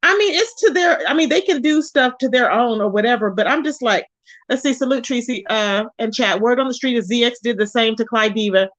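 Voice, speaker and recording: A woman with a bright, high-pitched voice runs a chatty livestream. She keeps greeting viewers by name and calling them baby, and she repeats lines with open disbelief to drive a point home. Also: fairly quick, hardly any pauses. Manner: exclaims in disbelief, repeats phrases for emphasis. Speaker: livestream host. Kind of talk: casual livestream commentary, reading chat.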